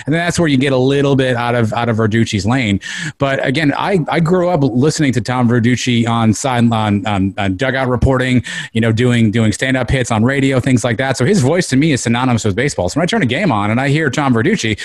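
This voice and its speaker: A man's voice: medium pitch, fast, no echo. A man giving opinionated casual sports talk as a podcast panelist, with many restarts.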